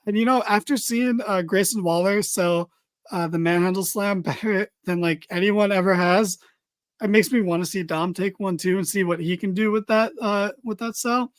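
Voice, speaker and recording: A man's voice: high-pitched, moderate pace, no room sound. A man hosting a casual wrestling podcast, recapping a show in a loose, chatty way with lots of fillers and the odd swear.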